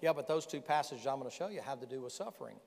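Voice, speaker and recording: A man's voice: mid-range voice, racing, vocal fry. Folksy preacher man in a big reverberant hall. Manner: folksy, animated preaching with rhetorical questions. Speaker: pastor. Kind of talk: sermon. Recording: long reverb in a large hall.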